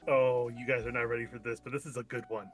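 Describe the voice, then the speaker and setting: A man's voice: medium pitch, level tone, fast. A man co-hosting a casual chat, dropping wry, joking remarks. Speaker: podcast co-host.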